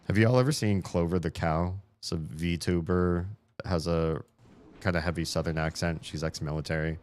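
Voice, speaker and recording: Very deep-voiced man streaming a game. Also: moderate pace. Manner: rambling, self-mocking, swears when frustrated; bursts into high excited shouts at small wins. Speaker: streamer playing a puzzle game. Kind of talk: live gameplay commentary.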